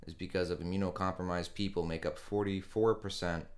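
Brief: very low-pitched man, podcast co-host, unhurried news rundown in casual chat. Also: steady tone.

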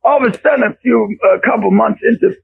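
Gravelly high-voiced animated preacher man. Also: fast talker, low-quality recording. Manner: animated storyteller acting out quotes with big pitch jumps. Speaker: preacher and youth basketball coach. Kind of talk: storytelling in a faith conversation.

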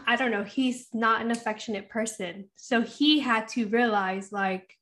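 A woman with a somewhat high voice chats candidly into a podcast mic. She is confiding and talkative, laughs easily and swears in passing. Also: a little slow, a bit bright. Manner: chatty, confiding, laughs often, profane. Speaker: podcast co-host. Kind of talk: candid casual chat.

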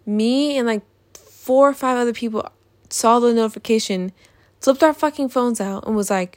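A woman's voice: on the high side, moderate pace, darkish tone, no room sound. A young woman in a casual vlog, ranting in an exasperated, profane way about things that annoy her. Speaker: vlogger.

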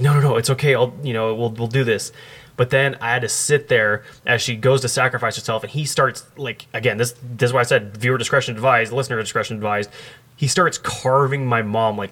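Male podcast host, casual, rambling, filler-heavy delivery, middle pitch. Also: bright, forceful tone.

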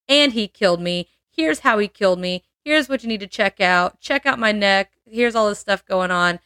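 A woman's voice: medium pitch, normal speed, few pauses, fairly bright tone, dry recording, studio quality. A woman hosting a podcast, telling a true-crime story in casual chat, laughing often and adding playful asides.

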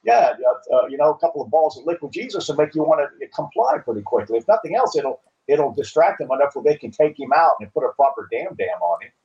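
Wry police captain over lo-fi audio. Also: male voice, fairly high pitch, big pitch swings, quick pace, few pauses, a little mellow. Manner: folksy, wry, blunt, many fillers. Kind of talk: casual panel chat.

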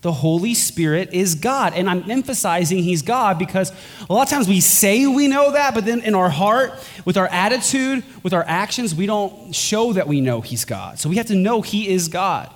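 A pastor preaching a sermon, earnest and emphatic, his voice climbing higher on key points. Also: animated, normal speed. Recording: long hall reverb with faint music.

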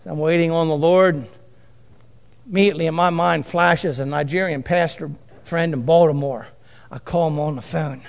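A man's voice: a little high, steady tone, moderate pace, creaky. A man preaching a sermon, emphatic, repeating and drawing out key phrases. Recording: long hall reverb.

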